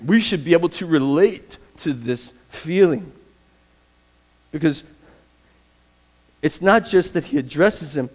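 A man preaching a sermon in a conversational, emphatic way, repeating phrases for stress. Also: high-pitched. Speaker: pastor.

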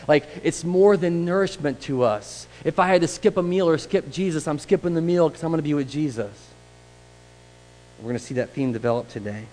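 Conversational pastor preaching in a hall. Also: male voice, medium pitch. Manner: conversational, animated, acts out quoted voices. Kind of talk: sermon.

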